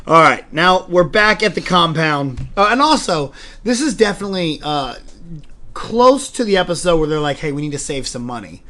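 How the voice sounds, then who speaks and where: Lively man chatting on a podcast. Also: on the high side, moderate pace. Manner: animated, acts out scenes in silly voices. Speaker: podcast co-host. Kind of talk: casual TV review chat.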